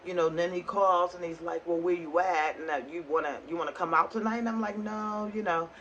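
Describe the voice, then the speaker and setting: A woman vlogging in a casual rant, spinning a story with lively back-and-forth dialogue. Her voice is bright and forceful, with plenty of push behind it. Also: on the low side, fairly quick, highs cut off, a little hiss or hum. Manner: animated, acts out both sides of conversations.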